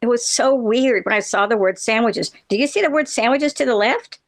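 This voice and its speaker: A woman's voice: fairly high pitch, a little fast. A middle-aged woman, a therapist co-hosting a podcast, chatting playfully and explaining things at length. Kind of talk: casual chat.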